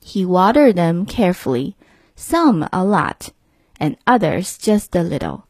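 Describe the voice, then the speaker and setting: A woman teacher reading a bilingual picture book aloud slowly, clear, measured and expressive for young learners. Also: lowish voice, no echo, clean studio sound. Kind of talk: slow storybook read-aloud.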